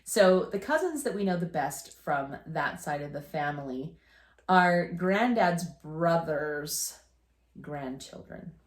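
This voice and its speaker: A woman's voice: sits low, animated, takes it slowly. A woman in her fifties, co-hosting a casual chat, telling rambling family stories with restarts and laughter. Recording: echoey room.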